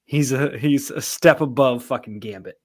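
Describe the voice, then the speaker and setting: A man's voice: medium pitch, normal speed. A man co-hosting a podcast, chatting casually, joking and swearing while giving strong opinions. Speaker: podcast co-host. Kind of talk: casual chat.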